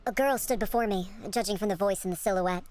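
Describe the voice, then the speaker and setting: A woman's voice: medium pitch, fast talker, music in the background. A woman streamer reading a horror game's story aloud, breaking off into joking, laughing asides. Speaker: gaming streamer. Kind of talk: reading a game aloud with reactions.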